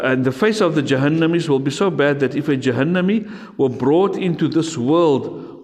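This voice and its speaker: A man's voice: a little high, big-room sound. A man with a South African accent teaching a religion class to children, emphatic and repetitive, speaking straight to his pupils. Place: school classroom.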